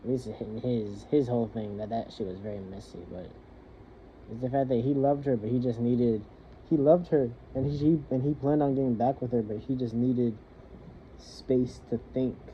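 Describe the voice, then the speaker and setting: Young man venting, halting and rambling. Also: medium pitch, fairly even intonation. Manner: rambling, halting, swears freely. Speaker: soldier venting. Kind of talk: personal venting monologue. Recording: muffled lo-fi with faint hiss.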